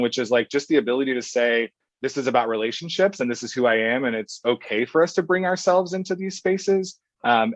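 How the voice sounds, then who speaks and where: A man from Oklahoma speaking as a guest in a podcast conversation, talking thoughtfully with pauses and restarts. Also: medium pitch, dry recording, lo-fi sound. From Oklahoma, USA. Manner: thoughtful, hesitant with fillers and restarts. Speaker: guest, professor.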